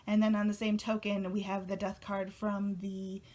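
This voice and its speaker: A woman's voice: mid-range voice, flat delivery, normal speed, darkish tone. A young woman chatting casually to camera for her video channel, gushing and emotional, often trailing off with fillers. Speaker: tarot vlogger.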